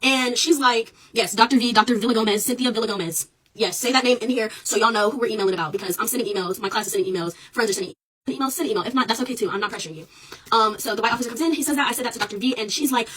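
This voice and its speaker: A young woman telling her own story into a phone camera, rapid and emphatic, her voice rising as she relives the argument. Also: on the high side, pushed and bright, breathy edge, far from the mic, low-quality recording. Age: young adult. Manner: rapid, emphatic, raises voice when reliving the clash. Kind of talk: casual social media recording.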